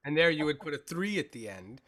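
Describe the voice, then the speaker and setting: A man's voice: fairly high pitch, sing-song, a little fast, bright, forceful tone. A man co-hosting a rhythm workshop, explaining ideas and asking the teacher to demonstrate. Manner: explains and asks questions. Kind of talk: casual discussion.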